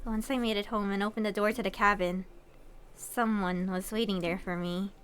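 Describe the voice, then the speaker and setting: A woman's voice: mid-range voice, steady tone, normal speed, a bit bright, clean tone, pitched below the performer's own voice, natural voice. A woman reading game dialogue aloud as a hurt, sensitive young woman who speaks in a wounded, accusing way.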